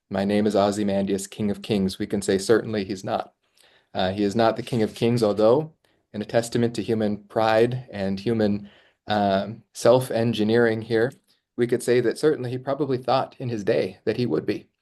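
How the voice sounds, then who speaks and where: A man co-hosting a podcast, explaining a poem's form in a thoughtful way with frequent pauses and ums. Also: on the low side, a little mellow. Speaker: podcast co-host. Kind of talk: literary discussion.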